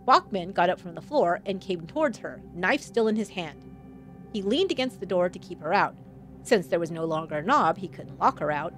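A woman's voice: fairly low pitch, animated, moderate pace. A woman hosting a true crime podcast, reading a scripted account with wry asides thrown in. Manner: wry asides between dramatic retelling.

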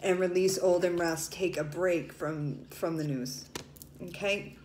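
A woman's voice: lowish voice, fairly even intonation, unhurried, a little mellow. A woman talks her way through a tarot reading in a loose, chatty, emotional manner, with tears in her voice at times. Her voice carries an echo from the room. A faint hiss sits under it. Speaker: tarot reader. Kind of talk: casual tarot reading to viewers.

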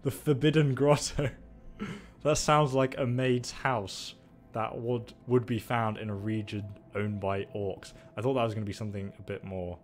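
A young man giving joking, excitable commentary on a live stream, swearing and laughing. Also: mid-range voice, normal speed. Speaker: gaming streamer.

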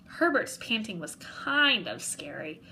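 A woman reading a children's picture book aloud in an expressive way, narrating as a young boy. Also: medium pitch, a little slow, a little hiss or hum, low-quality recording. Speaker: storybook reader.

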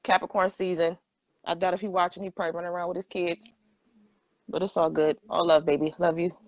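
A woman's voice: fairly low pitch, little pitch movement, quick pace, no room sound, lo-fi sound. A woman, chatting and laughing as co-host of a live podcast. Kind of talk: casual chat on a live stream.

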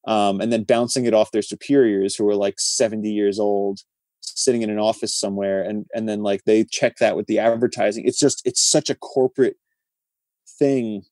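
Male podcast guest, lowish voice, animated and wry storyteller, dry close mic. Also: moderate pace, dry recording. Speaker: conservationist guest. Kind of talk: storytelling in a casual interview.

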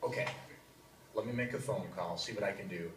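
A man's voice: low-pitched, fairly quick, recorded from a distance, lightly acted. A man playing a pushy haggling customer. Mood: pleading. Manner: pushy, wheedling bargaining. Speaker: customer haggling over a price. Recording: video played in echoey hall, noisy.

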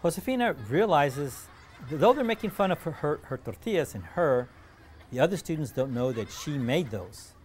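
A man reading a children's storybook aloud, animated, with dramatic pauses. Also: on the high side, slight background noise.

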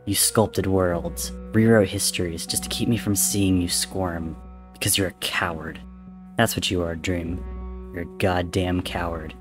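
Guy reading a vengeful old god, quiet low menace, taunting. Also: fairly even intonation, measured pace, over music. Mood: menacing. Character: vengeful ancient male god, cold and menacing.

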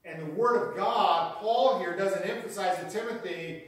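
A pastor preaching a sermon in an earnest teaching manner, repeating key phrases for emphasis. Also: male voice, sits high, moderate pace, fairly bright tone. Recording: very echoey hall, mic far off.

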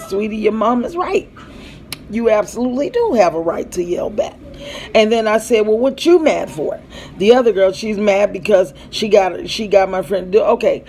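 A woman's voice: medium pitch, darkish tone, slight background noise, low-quality recording. A woman in her thirties at home, telling a rambling story in a casual vlog and acting out the dialogue. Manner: rambling, acts out quoted dialogue, breaks off to call to her kids. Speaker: mother vlogging about family life. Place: at home with children around.

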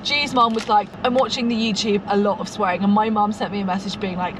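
A woman's voice: medium pitch, steady tone, fast, recorded from a distance, background noise. A woman co-hosting a casual podcast, bubbly and teasing, laughing often, recorded in a car. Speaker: podcast co-host. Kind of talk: casual chat.

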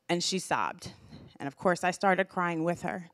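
A woman's voice: lowish voice, lively intonation, measured pace, a bit bright, dry recording, studio quality. A young woman giving a heartfelt, grateful speech at a community event, emotional and full of restarts. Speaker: community speaker.

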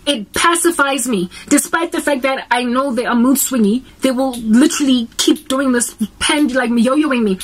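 A woman's voice: high-pitched, normal speed, few pauses, husky. A young South African woman with a South African accent, preaching earnestly in a casual vlog and switching between English and Sesotho as she talks. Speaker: Christian vlogger.

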